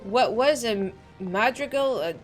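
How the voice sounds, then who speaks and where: A woman's voice: on the high side, lively intonation, unhurried, faint music behind. A woman voicing a rowdy, boastful male pirate sailor while reading game dialogue aloud. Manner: folksy salty sailor talk.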